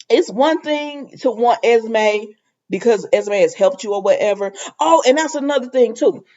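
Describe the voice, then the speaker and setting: A chatty woman recaps a daytime soap in a casual, laughing way, her voice swinging up and down with lively pitch. She keeps slipping into the characters' lines as she retells the scenes. The sound is dull and lo-fi. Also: moderate pace. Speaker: soap opera recap host.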